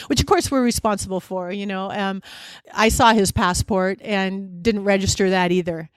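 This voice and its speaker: A woman guest on a live podcast interview, telling stories in an animated, chatty way. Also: medium pitch, no room sound. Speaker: guest, travel company co-founder. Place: live event with an audience.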